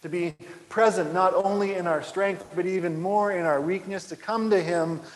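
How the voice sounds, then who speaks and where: A man preaches with an earnest, rhythmic cadence, his phrase ends often sinking to a near hush. His voice sits fairly high for a man. The sanctuary around him rings with a long, roomy reverb. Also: fairly even intonation, moderate pace. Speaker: pastor. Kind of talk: sermon. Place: church sanctuary.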